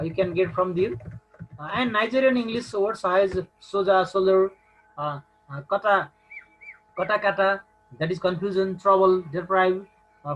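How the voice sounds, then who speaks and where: A man's voice: high voice, rough recording. A man with a Nepali accent teaching a recorded English lesson, hesitant and full of filler sounds.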